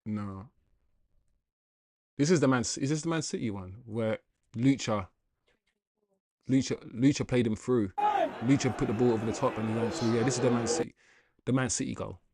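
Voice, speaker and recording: A young man hosting a casual football livestream, reading viewer comments with slangy, animated chatter and laughter. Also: medium pitch, normal speed, pauses often, breathy edge.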